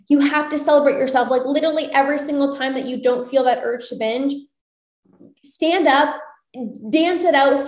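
A high-voiced woman talks like an upbeat coach, cheering her listeners on and repeating her key lines. She speaks on a live stream from an echoey room. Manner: upbeat, encouraging, repeats phrases. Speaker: binge eating coach.

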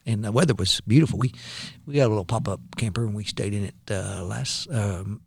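A man's voice: fairly low pitch, brisk, gravelly, breathy edge, no room sound. A man from central Kentucky co-hosting a casual church podcast, mostly chiming in with short affirmations. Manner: brief interjections, affirming. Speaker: podcast co-host. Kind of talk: casual chat.

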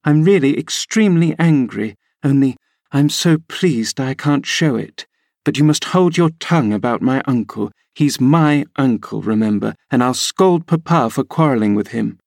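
A man reading an audiobook, voicing a lively, indignant teenage girl in a raised, emphatic voice. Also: normal speed, vocal fry, dry recording, clean studio sound. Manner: high, emphatic and exclaiming.

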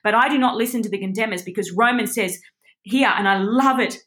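A woman teaching a devotional Bible study, passionate, her voice rising high in exclamation, near tears. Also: fairly quick, a bit bright. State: teary.

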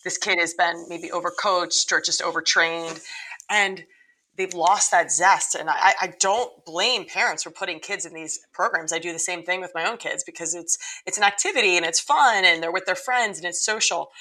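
A woman's voice: on the low side, moderate pace, bright, forceful tone, low-quality recording. A middle-aged woman, a lacrosse coach, telling her story earnestly in a podcast interview, with frequent restarts.

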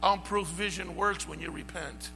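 High, gravelly preacher man. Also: steady tone, normal speed, long reverb tail, noisy background. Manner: impassioned, builds to shouting. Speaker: pastor. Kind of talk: sermon.

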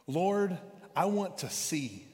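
Preacher voicing a desperate blind beggar, loud and pleading, long echo. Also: male voice, sits high, big pitch swings, takes it slowly, full character voice. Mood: earnest. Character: blind male beggar crying out for mercy.

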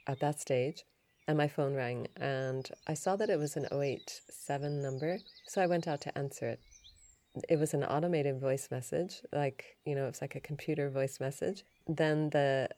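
Low-voiced woman telling a story. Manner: chatty, animated retelling with laughs and restarts. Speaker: podcast host, yoga and Ayurveda teacher. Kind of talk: casual storytelling podcast.

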